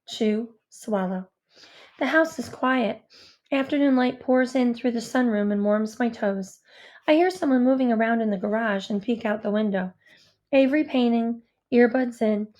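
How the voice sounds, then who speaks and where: Woman narrator for a first-person audiobook, fairly high voice, quiet and measured, inward reading.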